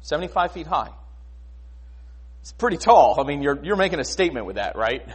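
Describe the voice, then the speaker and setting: A man preaching a sermon in a conversational, animated way, often asking rhetorical questions. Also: a little high, fairly quick, husky. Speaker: pastor.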